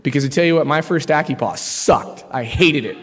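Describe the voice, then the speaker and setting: A man in his thirties from Colorado sharing his personal story from a podium, casual and animated with slang. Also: a little high, fairly quick, breathy edge. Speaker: speaker sharing his story at a recovery meeting. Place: large conference hall. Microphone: podium mic. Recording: long hall reverb.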